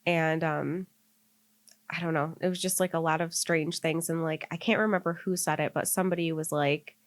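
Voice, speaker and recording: A woman's voice: deep voice, fairly even intonation, moderate pace. A young woman on a podcast, telling a story in casual chat and rambling with constant filler words. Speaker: podcast co-host.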